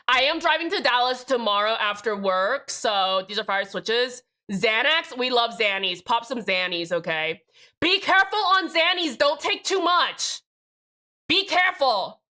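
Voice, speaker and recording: A woman's voice: on the high side, sharp tone. A young woman streaming live, rambling and chatting casually with plenty of swearing.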